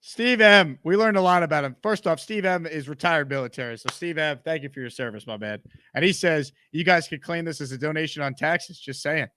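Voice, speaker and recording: A man's voice: a little high, brisk, sharp tone, no room sound. Man host, upbeat sports-stream read of chat comments, dry close sound. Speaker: show host. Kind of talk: live-stream sports talk, reading chat.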